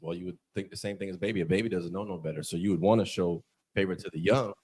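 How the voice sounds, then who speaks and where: A man's voice: sits low, steady tone, rapid-fire, darkish tone, breathy edge. A man, a student in a class, answering the teacher's questions and hesitating as he restarts his words.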